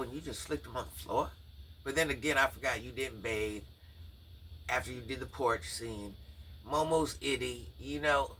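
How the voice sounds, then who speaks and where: A man's voice: mid-range voice, sharp tone, far from the mic, slight background noise. A man giving incredulous, mocking drama commentary on a livestreamer, talking straight to his viewers.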